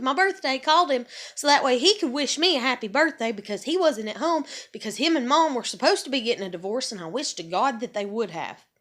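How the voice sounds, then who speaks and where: Heated profane woman, bright high voice. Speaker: vlogger. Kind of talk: angry confessional rant.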